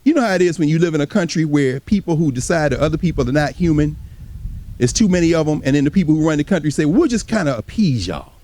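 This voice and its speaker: A man giving an animated history lecture to a live audience, talking casually and straight to the listeners and acting out voices from the past. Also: on the high side, quick pace, slight background noise. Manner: casual, colloquial speech.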